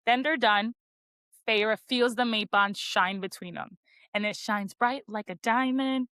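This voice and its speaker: A woman's voice: fairly high pitch, measured pace, fairly bright tone, clean tone, dry recording. A woman on a book podcast giving a casual, chatty chapter recap, full of "like" fillers and playful teasing. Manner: chatty, heavy use of "like" as filler; playful, teasing about spicy scenes.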